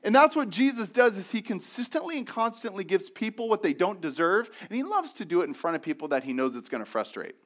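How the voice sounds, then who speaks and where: A man's voice: sits high, quick pace, hardly any pauses. A young man preaching a sermon, telling stories and acting out the voices of the people in them with sudden jumps up and down. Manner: animated storytelling, acting out quotes in raised voices. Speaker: pastor.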